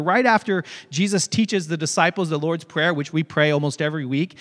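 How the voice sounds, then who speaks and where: A man's voice: on the high side, brisk, few pauses. Man preaching in a reverberant church. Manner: conversational, animated retelling with asides. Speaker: pastor. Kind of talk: sermon. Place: church sanctuary.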